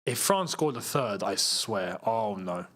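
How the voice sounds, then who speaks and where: Young guy reacting live to a match, chatty, laughs a lot, bouncy lively voice. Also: lowish voice, a little slow. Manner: chatty, laughs often, reads viewer comments. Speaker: host of a football watchalong. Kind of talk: casual live match commentary and chat.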